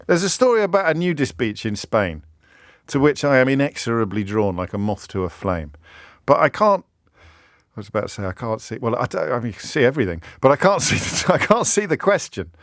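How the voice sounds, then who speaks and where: Radio host, English man, wry and self-mocking, lively swinging delivery, dry close studio sound. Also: mid-range voice, fairly quick, no room sound. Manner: wry, rambling, self-mocking, searching aloud for words. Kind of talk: talk radio monologue.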